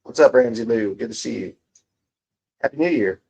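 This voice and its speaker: A man's voice: medium pitch, expressive, normal speed, gravelly, long pauses, darkish tone, breathy edge. A young man livestreaming from his home, casually reading chat and bantering with viewers in a profane, mocking way. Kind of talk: casual live-stream chat reading comments. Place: home room.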